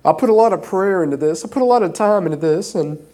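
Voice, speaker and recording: A man's voice: high-pitched, lively intonation, warm tone. Emotional, earnest male preacher. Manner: earnest, halting with frequent fillers. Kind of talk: informal sermon. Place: church stage.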